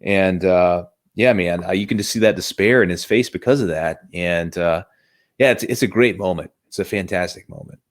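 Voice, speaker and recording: A man's voice: deep voice, moderate pace. A man hosting a casual movie review chat, enthusiastic and rambling, often restarting his sentences.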